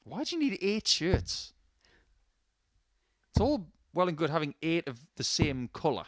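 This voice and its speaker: A man's voice: fairly high pitch, big pitch swings, measured pace, no echo. A man doing live darts commentary, chatty and anecdotal, with jokey asides between throws.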